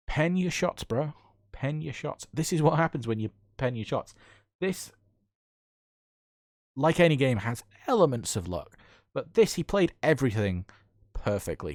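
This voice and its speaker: British male gaming YouTuber, casual replay commentary, eager and chatty, mid pitch, dry. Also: dry recording. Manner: enthusiastic, chatty, excitable.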